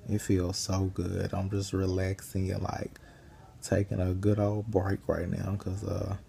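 A man's voice: sits low, unhurried, gravelly. Tired young man chatting from bed. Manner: relaxed, rambling, lying in bed. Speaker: vlogger. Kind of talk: casual chat. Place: bedroom, lying in bed.

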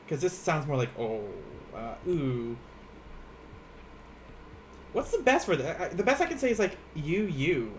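A young man hosting a casual home livestream lesson, his voice riding up and down in lively swings and sitting a touch high for a man. He rambles with plenty of fillers and pokes fun at himself. A faint hiss sits under the recording. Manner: rambling, self-mocking, laughs often, lots of fillers. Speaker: Japanese teacher. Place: home room.

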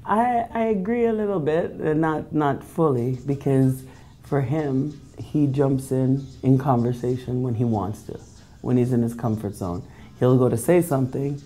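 A woman in her forties with a mellow, warm voice talks in a documentary interview. She is a reggae DJ who grew up in Canada. She explains things in a thoughtful, unhurried way. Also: a bass voice. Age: 40s.

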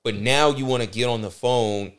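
A man's voice: mid-range voice, normal speed, smooth. A man hosting a podcast, talking bluntly and emphatically, with plenty of swearing and repeated restarts. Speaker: podcast host. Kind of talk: casual podcast commentary.

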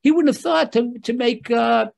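A man's voice: very high voice, moderate pace, vocal fry, a little mellow. A man, a rabbi, giving a spoken Torah lesson, emphatic and talking straight to his listeners, often repeating his key phrases.

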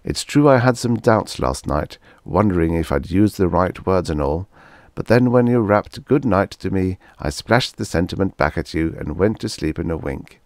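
A man's voice: low-pitched, lively intonation, normal speed, a little mellow, dry recording, studio quality. A man voicing a polite, cheerful male Martian visitor who speaks in an earnest, formal, apologetic way.

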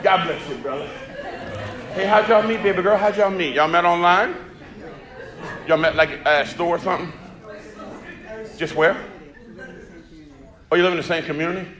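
A stand-up comedian works the crowd in a high, bright voice, chatty and teasing. He speaks into a handheld mic on a club stage. The room echoes, and a crowd murmurs behind him. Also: normal speed, long pauses. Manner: teasing, chatty, talks to the audience. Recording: echoey live venue with crowd.

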